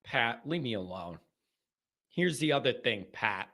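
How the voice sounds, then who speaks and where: A man hosting a live call-in fan show, chatting casually and breaking into joking, animated rants. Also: medium pitch, unhurried, gravelly.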